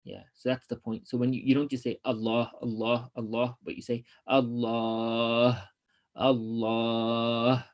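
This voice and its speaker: This male teacher races through readings from a scripture during an online class before unpacking them in a rambling, um-filled way. He speaks at a medium pitch with a steady, creaky, mellow tone.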